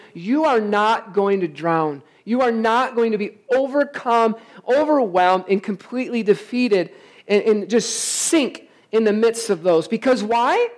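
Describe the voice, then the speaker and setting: A man's voice: high-pitched, a little slow. Male pastor, emphatic sermon delivery, full of rhetorical questions to the congregation. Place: church service, also streamed online.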